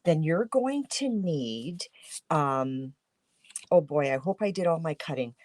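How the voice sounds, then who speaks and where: A woman's voice: low-pitched, dry recording. A woman from Canada, a papercraft demonstrator, talking through a casual craft tutorial in a groggy morning voice, chatty with many fillers and restarts.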